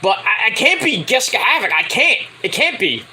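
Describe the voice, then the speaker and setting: A man giving a rambling, casual spoken review of a wrestling show, excitable and swearing freely. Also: high-pitched, a little fast, slightly rough, rough recording.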